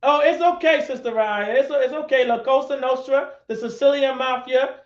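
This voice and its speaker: Guy with a really high voice lecturing a class online, keeps repeating himself, roomy echo. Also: moderate pace. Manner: repetitive, questions the audience and calls on them. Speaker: class instructor. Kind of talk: live-streamed class lecture. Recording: echoey, dull lo-fi sound.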